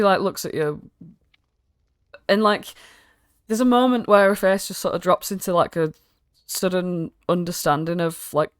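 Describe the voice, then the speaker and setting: A woman's voice: on the low side, dry recording, clean studio sound. A woman narrating as game master in a casual, sweary way, laughing between lines.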